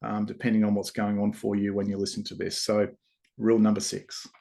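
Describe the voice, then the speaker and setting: Relaxed man telling a parable. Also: fairly low pitch, fairly quick, vocal fry. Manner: relaxed, rambling, with fillers and restarts. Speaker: host. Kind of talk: casual parable storytelling.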